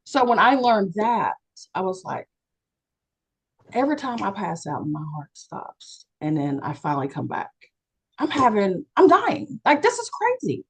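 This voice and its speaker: A woman from West Virginia candidly telling her personal story on a video call, animated and acting out the voices of the people in it. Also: fairly low pitch, poor audio. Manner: animated, acts out quoted people with big jumps in voice. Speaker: panelist and co-author sharing a near-death experience.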